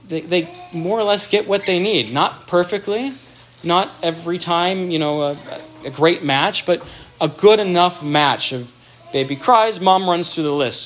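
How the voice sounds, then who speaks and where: A man's voice: a little high, a bit bright, slight background noise. A man giving an explanatory talk on child development, thoughtful, with restarts and everyday examples.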